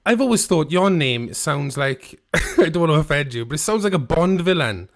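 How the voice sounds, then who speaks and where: A male podcast host teases his guest in easy, joking remarks. His pitch is a little high and swings widely. There is clear background noise under his voice. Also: lively intonation, moderate pace. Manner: joking, short agreeing interjections. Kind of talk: casual interview chat. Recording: noisy recording.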